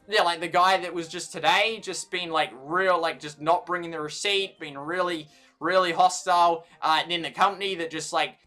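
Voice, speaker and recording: A man's voice: fairly high pitch, bright, forceful tone. A man with a New Zealand accent rambling through an aggrieved story, restarting sentences often. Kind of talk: casual ranting vlog.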